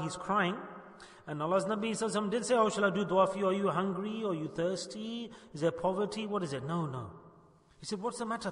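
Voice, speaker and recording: Man preaching in a big echoey hall, high voice, keeps hammering the same points. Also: a bit bright. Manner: emphatic, repeats key points. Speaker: Sufi preacher. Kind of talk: sermon. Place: gathering hall. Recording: echoey hall, long reverb.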